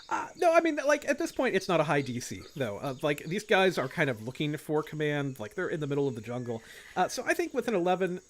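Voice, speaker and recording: Running an online tabletop session as game master, this man narrates in a loose, rambling way packed with "like" and "kind of." His voice is on the high side, with huge pitch swings and a brisk pace.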